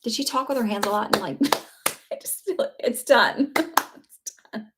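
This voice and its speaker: Chatty woman psychic medium, halting. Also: a little high, heavy background noise. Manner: chatty, halting, lots of fillers and laughs. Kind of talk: live-streamed reading.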